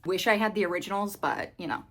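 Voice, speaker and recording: A book vlogger in her thirties chats casually to camera at home while rearranging her bookshelves, giggly, out of breath and full of fillers. Her mid-range voice has a steady tone, fast pace and fairly bright quality.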